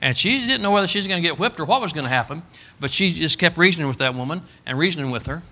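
A middle-aged man preaching a storytelling sermon, folksy and animated, rising to loud emphatic bursts. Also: on the high side, rapid-fire, slight background noise. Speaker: pastor.

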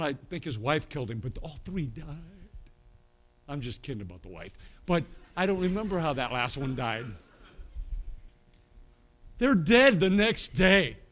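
A man preaching a sermon, telling a personal story and swinging from quiet asides to loud, emphatic bursts. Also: fairly high pitch.

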